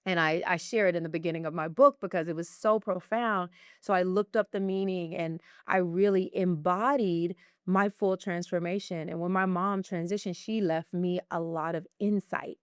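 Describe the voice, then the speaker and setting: A woman guest in an interview, telling personal stories in an animated, heartfelt way. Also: on the low side, moderate pace, clean tone, no room sound, studio quality. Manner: animated storyteller, acts out her own excitement. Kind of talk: conversational interview.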